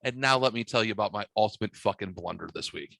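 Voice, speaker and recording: A man's voice: on the low side, fast talker, creaky, fairly bright tone, no room sound. Profane man telling a rambling story. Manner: profane, rambling, acts out dialogue in his stories. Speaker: podcast host. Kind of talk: casual storytelling chat.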